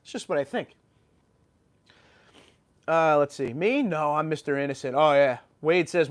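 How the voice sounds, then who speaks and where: An opinionated man from New York rants on his livestream and answers viewer comments in a lively, animated way. His voice sits a bit high for a man, and a lingering sore throat roughens it. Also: normal speed, pauses often. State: sore throat, just recovered from illness. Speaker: YouTube channel host.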